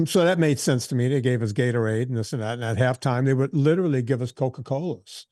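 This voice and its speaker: A man in his sixties, a fitness trainer telling stories in a casual interview, animated and full of quoted asides and restarts. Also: medium pitch, quick pace, dry recording, clean studio sound. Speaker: fitness trainer and podcast guest.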